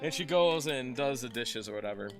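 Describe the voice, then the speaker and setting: A young man runs a tabletop game with an animated, chatty delivery and many restarts. His voice is bright and swings widely in pitch. Soft background music sits behind him. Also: fairly quick. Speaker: game master.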